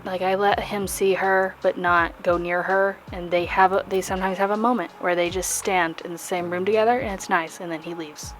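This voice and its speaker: A young woman narrates her painting session in a loose, chatty voice-over, wandering off into jokey tangents. Her pitch sits mid-range for a woman, and faint music plays under her voice. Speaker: art vlogger. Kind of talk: casual voice-over while painting.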